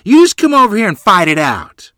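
A man reading a story aloud, voicing a neighbor woman who shouts adamant accusations. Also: high-pitched, huge pitch swings, a little fast, no echo, clean studio sound, voice pushed up, exaggerated voice. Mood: accusing.

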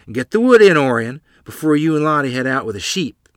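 A shrill, panicky frontier mother, voiced by a man reading a storybook aloud. She yells in a high, bright, pinched voice, always fiercely protective of her children. The recording is dry and close. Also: big pitch swings, a little fast, no echo. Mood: bossy. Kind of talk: audiobook character voice.

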